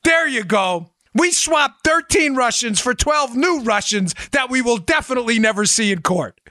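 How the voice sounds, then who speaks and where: A sarcastic, wisecracking man hosts a political podcast, his voice pitched high and sounding bright and forceful. The sound is dry and close, with no room behind it. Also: animated, normal speed, no echo. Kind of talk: animated political commentary.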